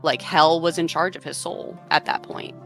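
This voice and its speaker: A woman chats through a myth with a lowish, bright, forceful voice. She tells it casually, filling it with fillers, while soft music sits in the background. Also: normal speed, gravelly. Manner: chatty, retells myths with frequent fillers. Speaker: podcast co-host. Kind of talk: casual storytelling chat.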